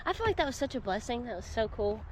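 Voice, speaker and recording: A young woman talks to her phone camera in a casual, excitable vlog style, filling her talk with "like" and "guys." Her voice sits a little high. The recording picks up clear background noise from outdoors and around her car. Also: quick pace. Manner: chatty and excitable, says "like" and "guys" often. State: out of breath. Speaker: vlogger. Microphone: phone on a small tripod.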